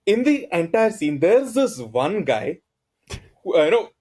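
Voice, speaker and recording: Podcast host: man, slightly high voice, lively pitch, halting with lots of uhs. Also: husky. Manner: hesitant, many fillers. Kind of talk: casual chat.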